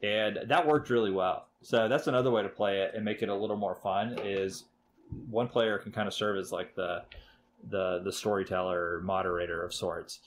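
A man's voice: lowish voice, steady tone, normal speed, slight background noise. A man hosting a casual board game podcast, talking enthusiastically and rambling with many fillers. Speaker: podcast host.

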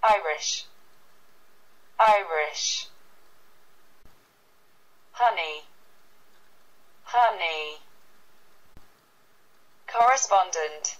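A woman reading English vocabulary words one at a time for learners, saying each word twice with pauses between. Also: mid-range voice, a bit bright, dull audio. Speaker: vocabulary reader.

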